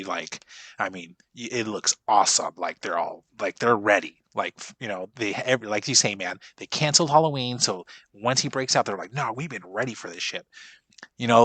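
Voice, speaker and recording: A man's voice: on the low side, normal speed, fairly bright tone, no echo. A man in his forties in a casual movie reaction chat, rambling and profane, stopping and restarting his sentences a lot. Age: 40s. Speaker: podcast co-host.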